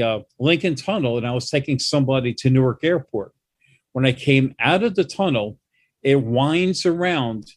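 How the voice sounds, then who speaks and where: Casting: New man, lively storyteller acting out dialogue, dry close sound. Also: medium pitch, no echo. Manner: animated anecdotes with quoted dialogue. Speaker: guest, New York travel expert. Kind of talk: casual storytelling chat.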